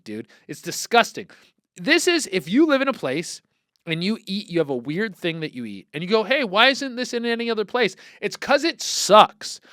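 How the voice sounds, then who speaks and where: High, lively comedic podcast host, a man. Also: dry recording, studio quality. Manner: animated, exclamatory, swears a lot. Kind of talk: profane comedic rant.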